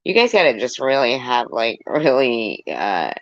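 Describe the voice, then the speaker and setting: A sentimental woman rambles through a casual vlog, stopping often to explain herself. Her voice has a gravelly, fried texture. The sound is dull and dry, with no room echo. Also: very deep voice, sing-song, measured pace. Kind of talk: casual vlog, reading a children's book aloud.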